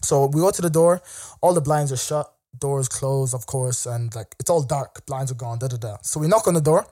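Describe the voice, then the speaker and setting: A young man, a guest on a podcast, telling a long story in a casual, animated way. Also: mid-range voice, moderate pace. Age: young adult. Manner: animated, conversational, acts out the other people's lines. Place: podcast studio.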